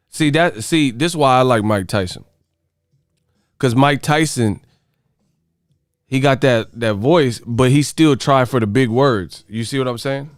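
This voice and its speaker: A man's voice: medium pitch, takes it slowly, pauses often, dry recording, studio quality. A man hosting a livestream, reading the chat aloud and ranting at viewers in a profane, mocking way. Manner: profane, mocking, animated rants. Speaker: host.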